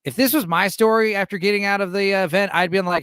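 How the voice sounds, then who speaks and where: A man in his late thirties hosting a live stream and reacting with profane, animated commentary. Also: sits high, fast, smooth, dry recording, clean studio sound. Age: 30s. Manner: animated, profane, laughs often. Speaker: streamer host.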